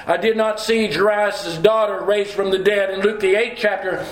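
A man's voice: high-pitched, fairly even intonation, normal speed, roomy sound, lightly acted, low-quality recording. A man voicing the apostle Peter, a grown man speaking in earnest first-person declarations. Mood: solemn.

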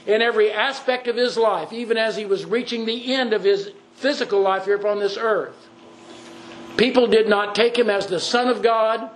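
A man's voice: sits high, poor audio. A man preaching a sermon in an earnest way, repeating phrases for emphasis.

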